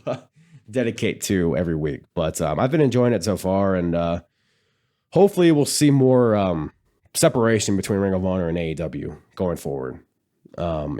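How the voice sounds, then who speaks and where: A man hosting a casual solo podcast, rambling easily with many fillers, his voice nasal and raspy as if congested. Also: on the low side, a little mellow. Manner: rambling, easygoing, lots of fillers. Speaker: podcast host.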